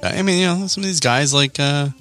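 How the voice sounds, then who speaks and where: A man co-hosting a podcast in casual chat, animated and quick to laugh, swearing often. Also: fairly high pitch, soft background music. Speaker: podcast co-host.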